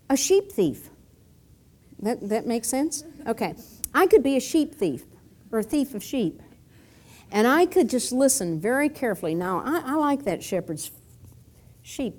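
A woman's voice: on the high side, mellow. A woman teaching a Bible lesson with props, acting out scenes and adding chuckling asides.

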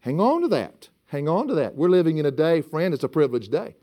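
Give me an animated man preaching a sermon with a lively, swooping voice. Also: fairly high pitch, a little fast. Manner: animated, builds to emphatic peaks, laughs often. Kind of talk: sermon with scripture reading.

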